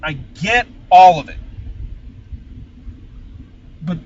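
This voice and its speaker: A man giving a sarcastic, exasperated film review while driving, swinging from low grumbling to loud ranting. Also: expressive, very slow. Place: inside a car. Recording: lo-fi, distant, road noise.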